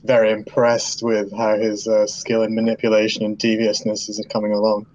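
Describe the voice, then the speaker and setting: A man's voice: lowish voice, monotone, moderate pace, a little mellow, poor audio. A man playing a tabletop game, talking casually with a dry, wry manner. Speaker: player.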